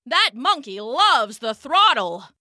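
A panicked train engineer bellowing urgent warnings in a storybook reading, the voice high and bright and swinging widely in pitch, as a woman narrator puts him on. Dry and close, with no room sound. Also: very animated, takes it slowly, no echo, heavily acted. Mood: frantic. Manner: shouted, urgent lines. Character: frantic male train engineer, shouting.

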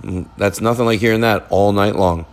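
A man's voice: lowish voice, fairly even intonation, normal speed. A man hosting a podcast from a family living room, telling a rambling, joking story in casual chat. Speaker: podcast host.

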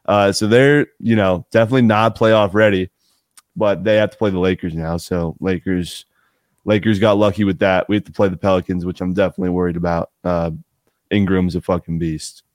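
A man co-hosting a sports podcast in relaxed, casual chat, swearing now and then. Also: low-pitched, fairly quick, no echo, clean studio sound. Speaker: podcast co-host.

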